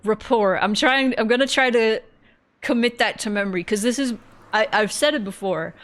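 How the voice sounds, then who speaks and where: A woman's voice: a little high, normal speed, fairly bright tone. Giggly rambling woman streamer. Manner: giggly, rambling, swears freely. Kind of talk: casual chat while playing a game.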